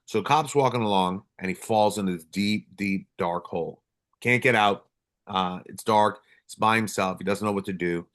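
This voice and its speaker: Brief: male officer-host, deeper voice, candid, casual swearing. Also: moderate pace, fairly bright tone. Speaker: podcast host, police officer. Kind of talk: casual conversation.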